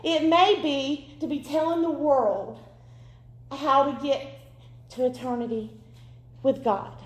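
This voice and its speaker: A woman in her thirties gives an emotional, earnest sermon testimony. Her voice sits high. The sound carries the echo of a large room. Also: fairly even intonation, slow. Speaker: preacher. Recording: echoey room.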